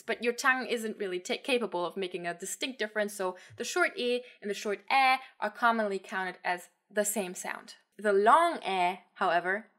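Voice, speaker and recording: A woman with a mid-range, slightly bright voice explains pronunciation to the camera as a language teacher. She is clear and patient, saying example words slowly.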